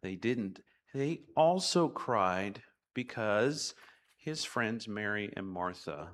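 A man with a low voice that swoops up and down as he tells children a story. He speaks slowly and playfully. His delivery suits a children's message in church. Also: expressive, fairly bright tone. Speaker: children's director.

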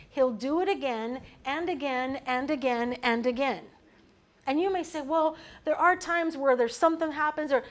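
A woman leading a Bible study, teaching in an animated way and putting questions to her group. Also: sits high.

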